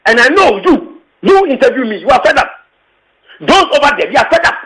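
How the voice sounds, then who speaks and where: Fiery high-voiced Ghanaian man. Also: sing-song, brisk, fairly bright tone, low-quality recording. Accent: Ghanaian English. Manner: emphatic, repetitive, fiery, slipping into local phrases. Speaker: tenants union secretary general. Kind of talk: impassioned interview statement.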